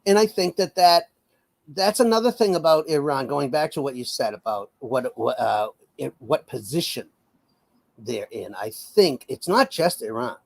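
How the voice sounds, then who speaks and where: A man's voice: medium pitch, expressive, normal speed, gravelly. A man giving casual political commentary as an interview guest, wry and often laughing, with many fillers and restarts, over a video call.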